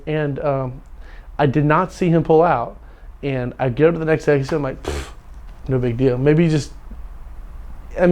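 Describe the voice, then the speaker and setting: A man's voice: on the high side, darkish tone. A man casually telling a story, laughing often and repeating words as he goes. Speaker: storyteller guest.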